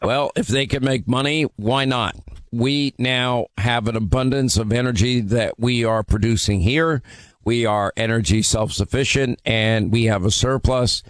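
A man's voice: medium pitch, steady tone, measured pace, no room sound. A male talk radio host speaks in a mid-range voice and sounds emphatic. He often stalls on fillers and restarts his sentences. The studio sound is close and dry.

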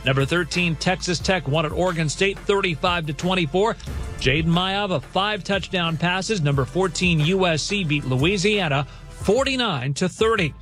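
A man reading a scripted sports news update in a brisk, measured manner. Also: sits high, fairly bright tone, faint music behind.

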